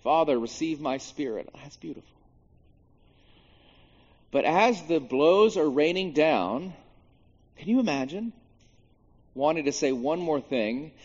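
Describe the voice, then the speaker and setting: A pastor delivering a sermon with a slightly higher-than-usual man's voice, and his words ring out through the long reverb of a large church hall. He moves from quiet, intimate stretches to louder, fervent ones and drops in light jokes along the way. The recording sounds a little dull and muffled. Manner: animated, swings from hushed to loud; jokey asides.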